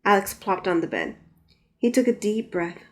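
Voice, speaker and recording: Woman reading her own novel aloud. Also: moderate pace. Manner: reads dialogue with raised pitch and force. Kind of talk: audiobook narration.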